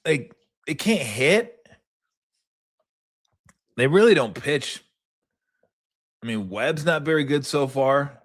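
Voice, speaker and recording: A man hosting a sports talk show in casual chat, rambling and profane, wandering into tangents with loud bursts. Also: on the high side, lively intonation, slow pace, long pauses.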